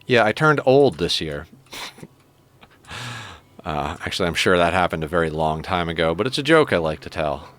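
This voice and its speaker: Low-voiced man chatting on a stream. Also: sing-song, moderate pace, long pauses, a bit bright, dry recording. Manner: chatty, joking, talks to chat and his cat. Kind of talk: casual live-stream chat while playing.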